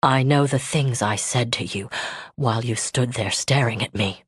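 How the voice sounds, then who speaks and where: A woman voicing a man in a romance audiobook, who pours out a long-held love in a low, strained, earnest tone. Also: expressive, unhurried, no echo, studio quality.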